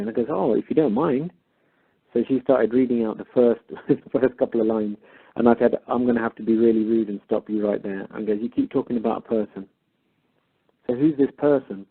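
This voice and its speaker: Husky man over a phone line. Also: mid-range voice. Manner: animated, acts out both sides of the dialogue. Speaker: caller. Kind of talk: retelling a phone call.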